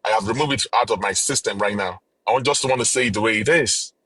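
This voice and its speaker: A man with a Nigerian accent, a guest speaking forcefully and indignantly in a heated live chat. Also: lowish voice, quick pace, husky, no echo.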